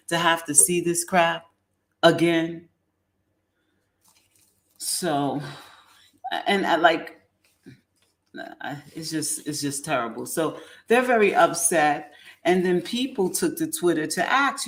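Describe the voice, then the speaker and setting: A woman hosting a casual commentary show, rambling and halting with many ums. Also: low-pitched. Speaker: host.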